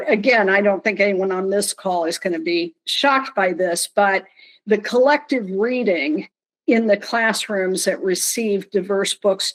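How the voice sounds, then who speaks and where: Slow, deliberate woman with dry humor. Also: mid-range voice, low-quality recording. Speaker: panelist from a nonprofit. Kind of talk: online panel discussion. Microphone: video call.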